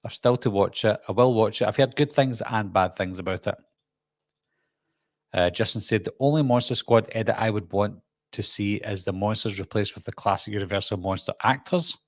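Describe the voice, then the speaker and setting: A middle-aged man with a Glaswegian Scottish accent, hosting a relaxed live stream and chatting while reading out viewer comments. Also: fairly low pitch, moderate pace, dry recording. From Scotland. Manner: chatty, jokey, reads comments aloud and answers. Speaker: channel host.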